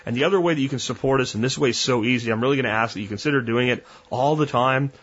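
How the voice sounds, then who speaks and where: A man's voice: mid-range voice, rapid-fire, a bit bright, slightly rough, dull audio. A man hosting a podcast, talking bluntly and conversationally with frequent restarts. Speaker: podcast host. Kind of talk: casual monologue.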